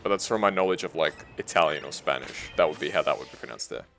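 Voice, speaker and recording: A man's voice: a bass voice, quick pace, a bit bright, faint music behind. A young Australian man, a streamer casually chatting with his live chat while gaming, reading messages aloud and laughing often.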